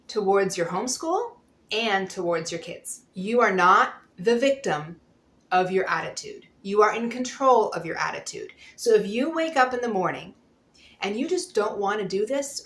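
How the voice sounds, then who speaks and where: Candid homeschool mom in an echoey room. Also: female voice, medium pitch, fairly bright tone. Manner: earnest, candid, laughs easily. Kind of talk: encouraging talk to camera.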